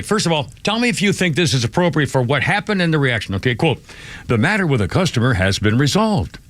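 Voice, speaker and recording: An older man hosting a radio talk show, excitable and indignant, swearing as he rants. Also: on the high side.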